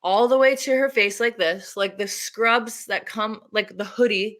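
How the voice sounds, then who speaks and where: Bright-voiced woman telling lively stories. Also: medium pitch, a little slow. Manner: animated, laughs often, acts out her own quotes. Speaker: doula and activist. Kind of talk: casual interview storytelling.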